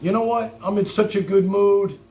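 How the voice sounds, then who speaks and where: A man's voice: high-pitched, fairly even intonation, normal speed, mellow, reverberant. A man streaming live, mocking a clip by repeating its lines back with sarcasm and heavy swearing. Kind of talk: heated live-stream commentary.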